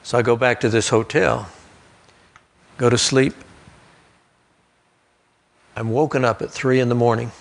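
A man's voice: mid-range voice, fairly even intonation, a little slow, gravelly, long pauses. A male pastor, preaching a sermon through folksy personal stories and asides. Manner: storytelling preacher, folksy asides, occasional restarts. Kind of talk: sermon storytelling. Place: church sanctuary.

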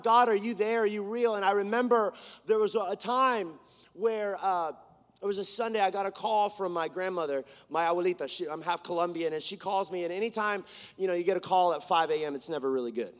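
Man, worship leader, high voice, earnest sermon, fervent then hushed, long hall echo. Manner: earnest, rising to fervent declarations, dropping to hushed storytelling. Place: church.

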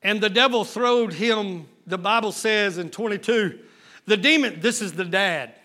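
A man preaching, his voice pitched unusually high and bright. He delivers his sermon slowly and deliberately, dropping to low retellings of scripture before climbing into shouted calls to the congregation. His talk is folksy, full of rhetorical questions. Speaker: pastor.

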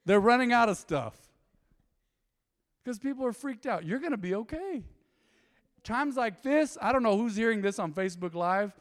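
A man pastor preaching a lively, joking sermon in a church. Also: sits high. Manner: animated, joking, folksy. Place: church sanctuary. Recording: long hall reverb.

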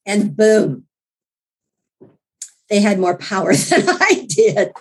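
A woman being interviewed as the author of a book, telling a personal story in an earnest, animated way with frequent restarts. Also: medium pitch, slow, long pauses, husky. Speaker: guest author.

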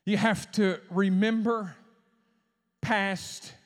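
A man preaching a sermon as a pastor, with shouted climaxes and dramatic pauses. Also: high-pitched, steady tone, long reverb tail.

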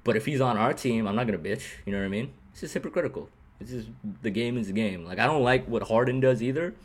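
Husky rambling man, sports podcast co-host. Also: medium pitch, fast talker. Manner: rambling, animated, laughs often, repeats "you know what I mean". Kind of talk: casual sports chat.

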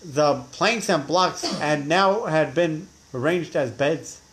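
A man's voice: a little high, slow, fairly bright tone. A man teaching a religious class who tells stories animatedly, acting out the characters, with frequent restarts. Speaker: Torah teacher.

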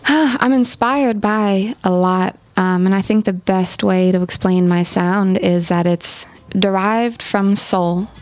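A young adult woman, a singer-songwriter guest, talking thoughtfully and softly in a casual interview. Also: medium pitch, fairly even intonation, slow, no echo.

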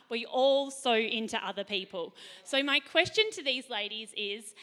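Bright-voiced woman hosting a faith talk. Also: on the high side. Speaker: host.

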